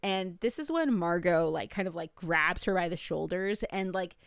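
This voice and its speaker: A woman co-hosts a casual recap podcast, rambling through scenes with a stream of "like"s. Her voice sits a little low and is recorded dry and close. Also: normal speed, clean tone, no echo. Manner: chatty, describes scenes at length with many "like"s. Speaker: podcast co-host recapping a show. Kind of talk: casual chat.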